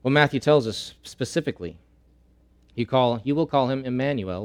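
Here a male pastor with a medium-pitched voice gives a sermon, echoing key phrases while swinging from loud, emphatic moments to soft, slow ones.

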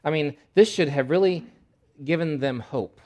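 A male pastor preaching a sermon in an animated, conversational way, with emphatic repetition. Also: a little high, normal speed, highs cut off.

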